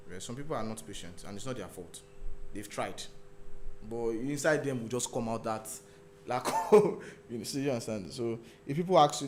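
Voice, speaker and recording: A man giving a lively talk on stage. He acts out phone calls with sudden loud outbursts and keeps asking his listeners if they understand. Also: medium pitch, slight background noise. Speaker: speaker.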